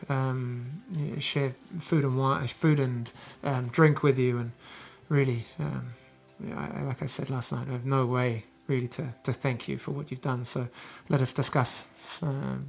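Guy doing a grateful band leader, stammery and polite, kinda gravelly, pushes his voice up louder. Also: mid-range voice, steady tone, normal speed, hardly any pauses, close to an everyday voice. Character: earnest grateful man leading a travelling band.

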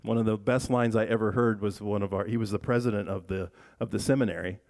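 Here a man's voice sits on the low side, steady and darkish, and moves at a quick pace. As a pastor delivering a conversational church sermon, he discusses the text with his congregation, throws questions at them, and frequently begins sentences again.

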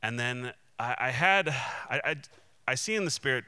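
A man's voice: mid-range voice, animated, normal speed, sharp tone, clean tone, dry recording. A man, a Christian minister, telling a personal testimony in an earnest, candid and emotionally open way. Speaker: Christian minister and conference speaker.

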